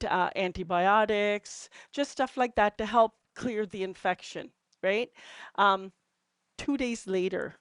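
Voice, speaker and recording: A middle-aged woman from Canada tells stories to a small group in a loose, chatty way. Her voice sits at a medium pitch, and she fills her sentences with "um" and "you know". The sound is close and dry, with no room echo. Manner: chatty, many fillers, laughs at herself. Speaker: entrepreneur sharing testimonials. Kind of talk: casual storytelling to a group.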